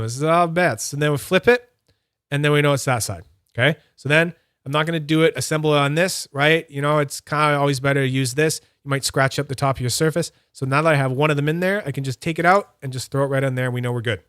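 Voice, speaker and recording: A man's voice: fairly high pitch, fairly quick, a bit bright, clear, resonant tone, dry recording, clean studio sound. A man streaming live, chatting casually and talking through each step of a hands-on demo while answering his chat. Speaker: fidget toy streamer.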